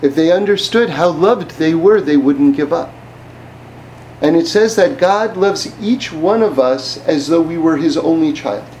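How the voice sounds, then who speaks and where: A man's voice: on the high side, lively intonation, measured pace, darkish tone, a little hiss or hum, rough recording. A man giving an informal religious class in a conversational way, often asking the listener rhetorical questions. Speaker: Torah teacher.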